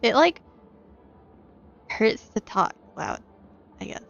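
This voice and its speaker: A young woman in her twenties streaming a game, soft-spoken and a little hesitant, with a gravelly, fry-heavy voice pitched a bit high. The mic sound is dull and lo-fi, and faint game music plays underneath her. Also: big pitch swings, takes it slowly. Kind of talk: casual game stream chat.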